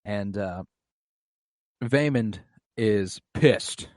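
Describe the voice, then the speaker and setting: A man's voice: on the low side, extremely slow, darkish tone, no room sound. A man co-hosting a podcast, recapping scenes in casual chat, swearing freely and acting out characters' lines. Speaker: podcast co-host.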